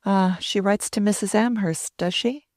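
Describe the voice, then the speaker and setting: A woman's voice: medium pitch, moderate pace, darkish tone, no echo, studio quality, voice pushed up, natural voice. Haughty older society woman, pointed and cool; woman narrator puts her on.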